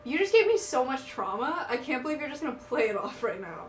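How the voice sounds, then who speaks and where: A woman's voice: high-pitched, very animated, quick pace, reverberant, a little hiss or hum. A woman podcast co-host in casual chat, dramatic and tipsy, swearing and half-laughing through tears.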